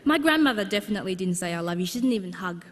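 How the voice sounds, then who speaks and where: A woman's voice: medium pitch, expressive, racing, slight background noise. A woman giving a humorous, anecdotal personal talk to a live audience, with plenty of fillers. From Australia. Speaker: speaker at a book launch. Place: large exhibition hall, live audience. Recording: long hall reverb.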